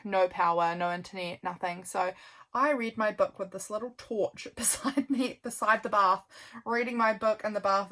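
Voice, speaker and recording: A woman chatting casually while flipping through her journal, rambling with lots of "um" and "like", her voice worn out from a long filming session. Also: medium pitch. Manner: rambling, with frequent "um" and "like" and soft laughs. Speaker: junk journal vlogger.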